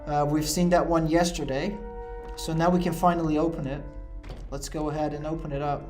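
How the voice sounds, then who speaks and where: A man with a slightly higher-than-average voice gives loose, rambling commentary while he plays a video game, filling his talk with "like" and "uh". Faint game music sits quietly behind him. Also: little pitch movement, fairly quick. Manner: rambling, lots of "like" and "uh" fillers. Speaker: let's play host. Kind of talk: casual gameplay commentary.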